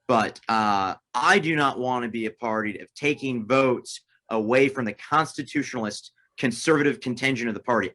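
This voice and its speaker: A man's voice: medium pitch, bright, forceful tone, rough recording. A man interviewed as a political candidate, speaking emphatically and repeating himself. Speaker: guest candidate.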